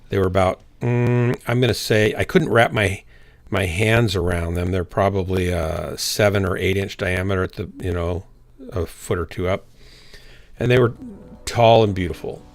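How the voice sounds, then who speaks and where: Man, rambling casual chat, lowish voice, fillers and restarts. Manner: rambling storyteller with frequent fillers. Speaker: streamer. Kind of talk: casual chat while gaming.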